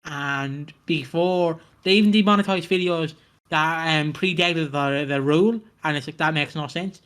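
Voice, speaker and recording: A man's voice: a little high, moderate pace, fairly bright tone, smooth. A man co-hosting a casual podcast, joking and laughing a lot. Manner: jokey, mimics people, laughs often. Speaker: podcast co-host.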